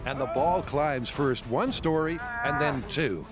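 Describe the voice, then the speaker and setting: A man's voice: medium pitch, lively intonation, a little slow. A man giving playful, scripted documentary narration. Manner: punchy, playful. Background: music.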